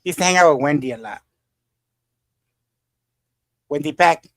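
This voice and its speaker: A man hosts a loose live panel chat in a slightly high voice. He rambles and often stops to search for names. His voice is dry and close. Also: expressive, moderate pace, no echo. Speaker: livestream panel host. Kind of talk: casual chat.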